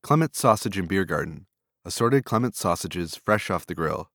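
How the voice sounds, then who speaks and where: Low-voiced man reading a food list. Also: normal speed, no echo, studio quality. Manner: steady list reading, flat delivery.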